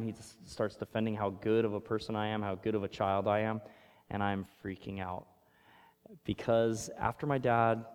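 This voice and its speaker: A man preaching a sermon, telling a personal story, swinging from loud emphatic lines to hushed ones. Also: fairly low pitch, vocal fry. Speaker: pastor. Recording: long hall reverb.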